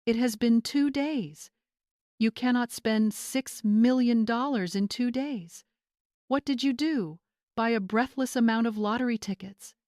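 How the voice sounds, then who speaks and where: A woman's voice: a little slow, no room sound, studio quality, natural voice. A woman voicing a demanding adult son who talks sharply in a raised voice, in a storybook reading. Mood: scornful. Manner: sharp, demanding, higher and louder than the narration. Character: angry adult son, grown man.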